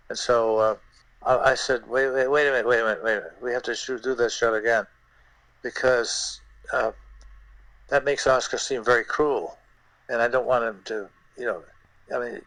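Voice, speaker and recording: An older man, a guest puppeteer, telling stories in an interview in a halting way, repeating words and using many fillers. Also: mid-range voice, a bit bright, no room sound, rough recording. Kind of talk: anecdotal interview storytelling.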